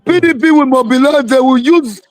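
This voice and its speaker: Man, very high voice, dry sound, emphatic call-in guest. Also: a little fast, no echo. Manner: emphatic, repeats himself for weight. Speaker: political guest on a live show. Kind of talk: live call-in interview.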